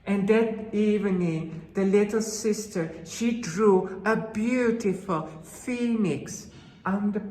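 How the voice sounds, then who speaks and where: A woman telling a folktale to children, dramatic and slow, with gasps and hushed asides. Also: medium pitch. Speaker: storyteller. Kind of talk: children's storytelling. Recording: roomy hall with long reverb.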